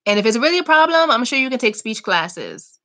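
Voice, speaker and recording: A young woman chatting casually on a live stream, reading and answering viewer comments in an animated, talkative way. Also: fairly high pitch, brisk. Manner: chatty, animated, talks back to chat comments. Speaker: vlogger hosting a live chat.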